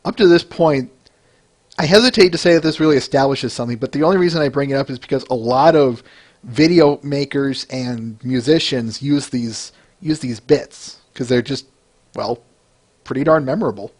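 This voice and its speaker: A man in the middle pitch range hosts a casual review podcast. He rambles and restarts often, and stops to answer listeners by name between his points. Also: moderate pace. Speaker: podcast host.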